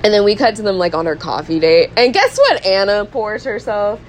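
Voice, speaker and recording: A woman's voice: mid-range voice, expressive, fairly quick, a little hiss or hum, rough recording. A young woman hosting a podcast, recapping a film in casual chat, acting out the characters' lines and laughing often. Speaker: podcast host.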